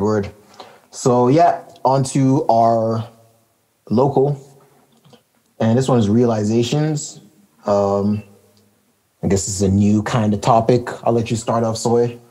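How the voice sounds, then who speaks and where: Man, unhurried, dark warm tone, laid-back podcast co-host, short easy replies. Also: on the low side, rough recording. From Calgary, Canada. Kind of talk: casual chat.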